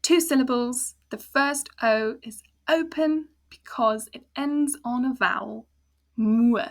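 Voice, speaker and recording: A woman with a South African accent teaching a language lesson, patiently breaking words into sounds and syllables. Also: sits high. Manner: patient, slow explaining with spelled-out sounds. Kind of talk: casual spoken lesson.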